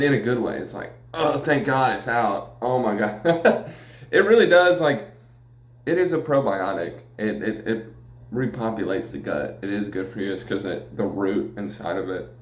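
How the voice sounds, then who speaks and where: A man's voice: fairly low pitch, normal speed. A man hosting a solo podcast, rambling casually and profanely with plenty of jokes and laughs. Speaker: podcast host. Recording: echoey room.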